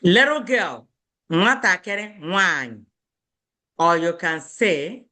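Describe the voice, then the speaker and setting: A woman teaching an online beginner language class, repeating each word slowly and spelling out syllables for learners, firm when children stop paying attention. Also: fairly low pitch, lively intonation, bright, forceful tone. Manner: slow, repeats words and stresses syllables for learners; firm with children who do not pay attention.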